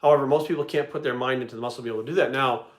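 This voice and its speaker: A man's voice: mid-range voice, steady tone. A man hosting a casual fitness livestream, talking bluntly with lots of swearing. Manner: blunt, profane, rapid talk.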